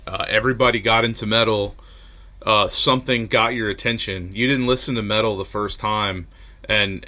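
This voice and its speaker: A man co-hosting a podcast in casual chat, animated, swearing a lot and laughing easily. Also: lowish voice. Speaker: podcast co-host.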